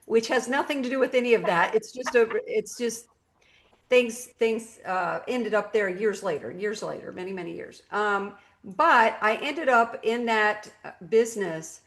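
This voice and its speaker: A middle-aged woman telling her own business story with lively, animated storytelling. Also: fairly high pitch, measured pace. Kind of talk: personal testimony talk.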